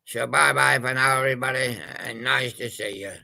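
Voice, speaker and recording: Brief: gravelly, bright-edged male storyteller, slow and meandering. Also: mid-range voice, steady tone. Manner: rambling and hesitant, full of pauses. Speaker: toy-story narrator. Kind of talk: casual improvised storytelling with toys.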